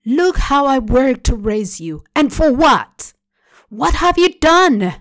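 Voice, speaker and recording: A woman's voice: on the high side, slow, creaky, darkish tone, no room sound. A woman reading aloud, voicing an intense middle-aged mother in a spoken story. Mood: raging. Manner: raging then tearful, intense.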